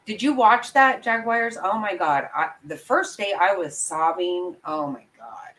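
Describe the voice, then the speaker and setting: A woman vlogger delivers angry, blunt, profane commentary directly to her viewers, offering her opinions live. Her medium-pitched voice has a fairly bright tone and an unhurried pace, captured in a rough recording.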